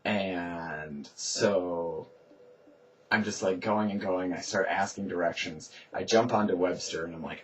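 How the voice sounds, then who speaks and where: Low-voiced man telling a chase story. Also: a little slow, slight background noise. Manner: lively retelling, acts out quoted shouts. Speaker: narrator recounting a city chase game. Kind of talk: casual storytelling voice-over.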